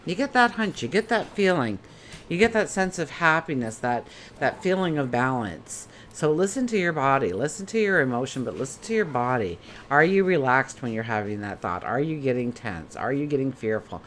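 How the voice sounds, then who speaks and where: A woman gives a relaxed daily tarot reading, chatting and asking question after question. Her pitch moves a lot as she talks. A faint hum of room noise sits behind her. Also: normal speed. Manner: chatty, asks many rhetorical questions. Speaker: tarot reader.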